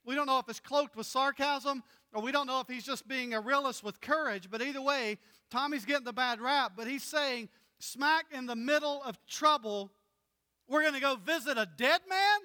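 Preaching as a pastor, this man tells stories animatedly and acts out the voices of people he quotes. His voice is very high, his speed normal, and the sound suggests a big room.

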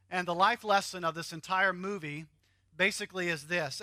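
Recorded in studio quality with no room sound, a man with a Southern US accent delivers a sermon at normal speed in a high, sharp-toned voice. He jokes with the congregation and has them repeat words after him as he teaches.

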